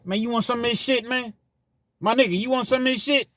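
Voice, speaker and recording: A man's voice: very high voice, fairly even intonation, fast, a bit bright, no room sound, voice pushed up. A man putting on the voice of a male prison cellmate, casually and repeatedly offering food in slangy talk.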